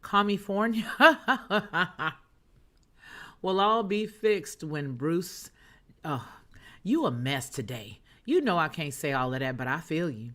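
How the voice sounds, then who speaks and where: A woman's voice: sits low, expressive, unhurried. Sassy woman hosting a chat stream. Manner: sassy, emphatic, talks to the viewers. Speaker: host of a news and chat livestream. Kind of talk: casual chat, reading chat comments.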